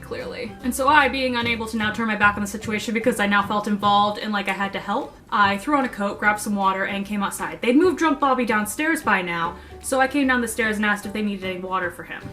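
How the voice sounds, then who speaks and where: A woman's voice: medium pitch, sharp tone. A young woman vlogger telling a story to camera in a playful, self-mocking way.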